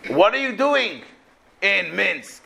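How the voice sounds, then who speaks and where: A man's voice: sits high, sing-song, slow pace, vocal fry, pushed and bright, slight background noise, exaggerated voice. A man doing a distrustful backwoods man. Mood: suspicious. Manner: accusing, incredulous questions. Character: suspicious rustic forest man, wary of strangers.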